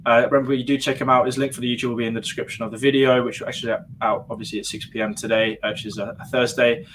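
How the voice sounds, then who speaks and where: A relaxed male podcast host with a mid-pitched voice, easygoing and quick to laugh. A faint hiss of background noise sits under him. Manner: laid-back, laughs often. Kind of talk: casual chat.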